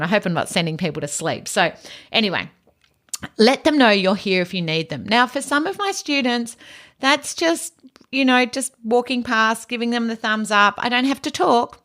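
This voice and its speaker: A middle-aged woman hosting an educational podcast, speaking calmly in a low-key, near-monotone delivery. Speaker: podcast host and autism educator.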